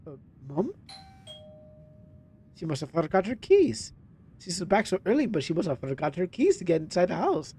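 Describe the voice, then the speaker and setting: Animated man streaming a game. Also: sits high, normal speed, long pauses, breathy edge. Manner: chatty, laughing, animated. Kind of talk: casual let's-play commentary.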